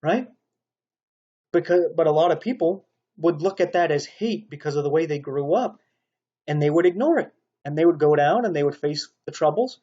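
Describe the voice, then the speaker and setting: Preacher, male, rambling stern sermon, husky fairly high voice, dull lo-fi recording. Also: animated, normal speed, dark tone. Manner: rambling, stern and insistent, with rhetorical "right?" asides. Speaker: online preacher. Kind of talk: spoken sermon monologue.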